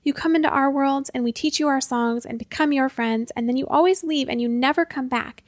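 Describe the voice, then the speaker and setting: A woman voicing a fiery, pointy-eared magical young woman who scolds and yells with a sharp tongue. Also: sits high, lively intonation, moderate pace, no echo, studio quality. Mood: heated.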